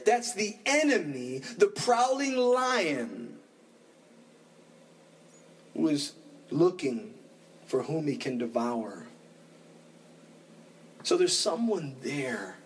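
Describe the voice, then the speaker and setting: A man preaching a sermon as pastor, animated, acting out the voices of his congregation. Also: high voice, recorded from a distance, slight background noise, low-quality recording.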